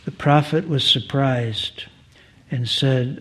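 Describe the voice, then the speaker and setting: A man reads devotional passages aloud at a spiritual gathering in a measured, earnest way. His pace is slow and unhurried, and his voice has a husky, breathy grain. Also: medium pitch, steady tone. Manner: measured, earnest, formal reading. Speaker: speaker reading scripture at a spiritual gathering. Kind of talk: devotional reading and reflection.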